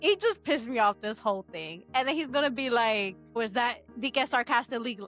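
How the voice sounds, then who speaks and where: A woman's voice: on the high side, expressive, brisk, few pauses, fairly bright tone, dull audio, soft background music. Outspoken woman ranting about a book. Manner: outspoken, exasperated reactions with swearing. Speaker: book club podcast co-host. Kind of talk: casual book chat.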